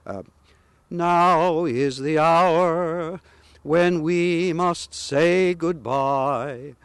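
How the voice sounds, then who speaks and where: A man sharing historical anecdotes about local politicians in a measured, pausing way. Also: lowish voice, no echo. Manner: measured, anecdotal with frequent "uh" pauses. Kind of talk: historical storytelling.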